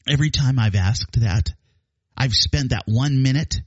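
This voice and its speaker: A man hosting a podcast, talking in a chatty, animated storytelling way with frequent restarts. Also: medium pitch, a little slow, husky, dry recording. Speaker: podcast host. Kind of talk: casual spoken monologue. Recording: dull lo-fi dry sound.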